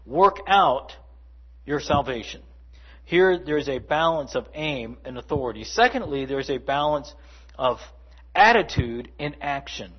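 A man delivers a sermon with a fairly high, husky voice. He preaches conversationally, slipping into asides and playful imitations. The recording sounds dull and lo-fi. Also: lively intonation, measured pace. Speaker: pastor.

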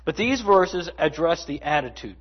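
A man's voice: on the high side, animated, moderate pace, slightly rough, muffled recording. A man preaching a sermon in a conversational way, with asides and playful mimicry. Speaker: pastor.

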